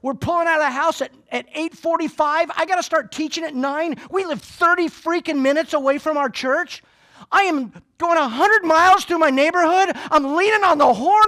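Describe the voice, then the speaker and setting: A middle-aged Southern man speaking in a conference room, telling animated, folksy stories. His Southern US drawl carries the jokes, and he moves quickly from quiet reflection to lively comedy as a keynote speaker. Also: very high-pitched. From Florida, US. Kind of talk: humorous motivational speech. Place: conference room before a live audience.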